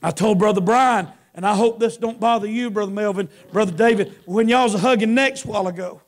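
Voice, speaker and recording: A middle-aged preacher with a very high voice delivers an impassioned sermon. He rises into shouted climaxes and drops into hushed storytelling. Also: fairly quick. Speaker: pastor. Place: church camp meeting.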